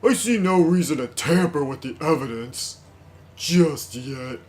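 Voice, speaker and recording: Ein Mann spielt einen unheimlichen Vogeldoktor. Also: male voice, a little high, animated, darkish tone. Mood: sinister calm. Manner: slow, sinister, drawling. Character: creepy calm male bird doctor.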